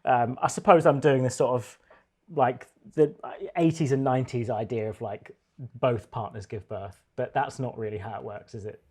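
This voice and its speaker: A man's voice: medium pitch, steady tone, moderate pace, a little mellow, slightly rough. A man hosting a comedy podcast, chatting casually, rambling and laughing often. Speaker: podcast host.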